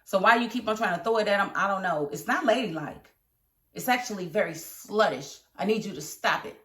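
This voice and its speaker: Woman, TV reviewer, casual commentary, animated, scolds the characters, middle pitch, echoey room. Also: brisk. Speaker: TV show reviewer.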